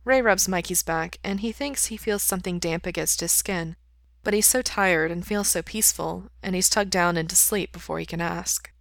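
A woman reading a story aloud in a calm, even way. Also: lowish voice, normal speed, gravelly, dry recording. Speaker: reader. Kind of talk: storybook narration.

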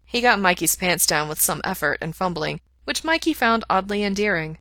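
A woman reading a story aloud in a steady, even voice. Her pitch sits a bit low, but her tone is bright and crisp. The recording is close and dry. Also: moderate pace, no echo. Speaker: audiobook reader. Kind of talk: fan fiction read aloud.

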